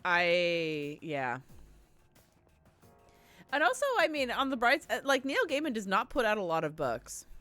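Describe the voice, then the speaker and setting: A woman's voice: mid-range voice, sing-song, measured pace, long pauses, fairly bright tone, dry recording, faint music behind. A woman streaming a game live, chatting in a rambling, heartfelt way and greeting viewers effusively. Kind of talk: casual live-stream chat.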